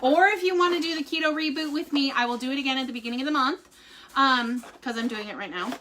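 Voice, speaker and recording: A woman's voice: sits high, fast, pushed and bright, slight background noise. A woman vlogger chatting casually to viewers on a live stream from home, bubbly and filler-heavy.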